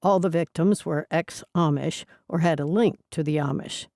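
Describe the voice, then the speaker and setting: A woman voicing a gruff, stern male police detective. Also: sits low, moderate pace, mellow, no room sound, studio quality.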